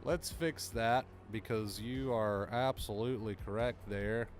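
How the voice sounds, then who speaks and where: A man chatting casually on a livestream, excitable and talking to his chat, often repeating himself when flustered. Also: fairly low pitch, a little slow, soft background music. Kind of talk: casual live-stream chat.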